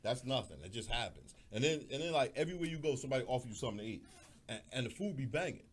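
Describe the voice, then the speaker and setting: A man's voice: mid-range voice, lively intonation, racing, slightly rough. A man hosting a radio talk show, telling stories in a laid-back way and often repeating words. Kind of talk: casual chat.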